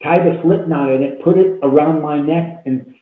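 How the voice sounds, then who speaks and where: A man in his fifties, a talk show guest telling a deeply personal story in an earnest, heartfelt way with repeated phrases, over a video call. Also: normal speed. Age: 50s. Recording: tinny phone-like echoey call audio.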